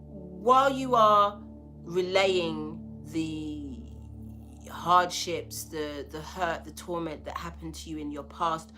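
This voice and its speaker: A woman's voice: lowish voice, slow pace, bright, forceful tone, soft background music. A woman giving a spiritual tarot reading, talking bluntly and emphatically with a lot of swearing. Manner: blunt, profane, emphatic preaching.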